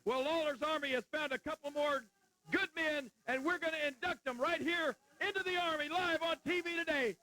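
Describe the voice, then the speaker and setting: A man cutting an angry, blustering wrestling promo in the ring, shouting at the announcer and the crowd. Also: very high-pitched, normal speed, poor audio. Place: indoor wrestling arena, in the ring. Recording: loud crowd in a wrestling arena.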